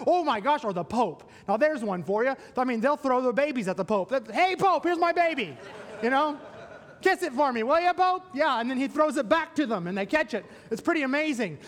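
A male pastor giving a sermon, playful and animated, with asides and questions to the congregation. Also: very high-pitched. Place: church sanctuary. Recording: long reverb of a church hall.

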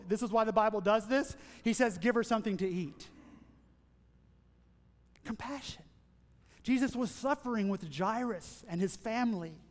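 A man preaching a sermon as pastor, earnest, building into emphatic lists and dropping to hushed asides. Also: very high-pitched. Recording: long church reverb.

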